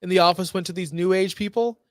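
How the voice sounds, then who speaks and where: Male podcast co-host with a high voice, opinionated, voices quotes; dry room. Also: fast talker, no echo. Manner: opinionated and animated, acting out quoted lines. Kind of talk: casual wrestling podcast chat.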